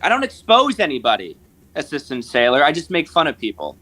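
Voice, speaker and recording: A man arguing as a guest on a live stream, combative and mocking, firing sharp jabs back at the host. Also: fairly high pitch, wildly swooping pitch, a little fast, rough recording. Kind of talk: heated live-stream argument.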